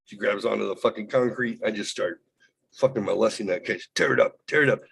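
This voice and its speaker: Man, podcast host, husky voice, low pitch, dry close sound, profane rambling story. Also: fairly quick, a bit bright, no room sound, poor audio. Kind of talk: casual storytelling.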